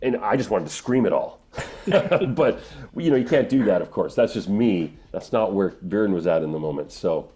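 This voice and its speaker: A middle-aged man, a voice actor, answering interview questions in an earnest, emotional way, often pausing and restarting. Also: low voice, mellow. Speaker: voice actor guest.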